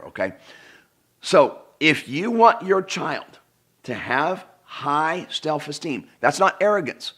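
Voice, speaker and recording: Speaking straight to the camera, a middle-aged man with a medium-pitched voice gives a self-help talk on personal development. He's emphatic and earnest, repeats words for emphasis, and swings widely between loud peaks and quiet drops.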